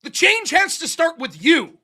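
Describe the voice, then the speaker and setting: A man's voice: very high-pitched, sing-song, measured pace, bright, forceful tone. A man hosting a livestream, ranting angrily about politics, swearing often and firing off rhetorical questions. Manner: angry, profane, rhetorical questions. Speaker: livestream host. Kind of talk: profane political rant on a livestream.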